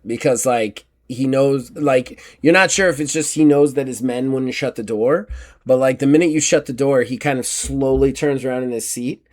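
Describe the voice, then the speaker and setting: A man's voice: mid-range voice, normal speed. Rambling male game master. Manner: rambling, full of fillers and restarts. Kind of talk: narrating a tabletop game.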